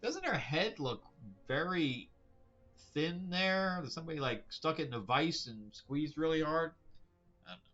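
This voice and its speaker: A man's voice: on the high side, expressive, measured pace, a bit bright, lo-fi sound, faint music behind. A male host giving a casual, opinionated comic book review that rambles, with many fillers and restarts. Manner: blunt, opinionated.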